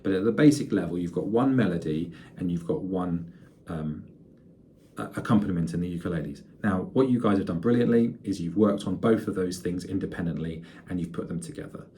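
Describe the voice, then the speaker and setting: A man with a low voice gives a music lecture to students. He talks in a relaxed, conversational way, full of fillers and restarts. His tone is mellow, with a faint hum of noise behind him. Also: fairly quick.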